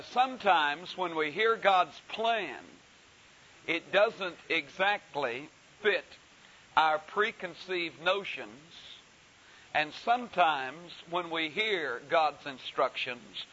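A man preaching a sermon, telling a story slowly and deliberately with frequent pauses. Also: a little high, pushed and bright. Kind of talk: sermon with anecdote. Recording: dull hissy recording.

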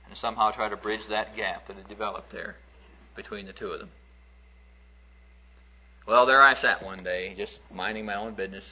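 Folksy male preacher, bright lo-fi sound. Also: lowish voice. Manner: folksy, conversational, animated when acting out stories. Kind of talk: sermon storytelling. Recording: dull lo-fi recording.

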